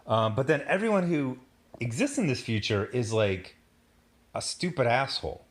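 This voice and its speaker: A man's voice: mid-range voice, sing-song, normal speed. A man hosting a casual review, sarcastic and exasperated, rambling with lots of fillers and mocking asides. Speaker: commentary host.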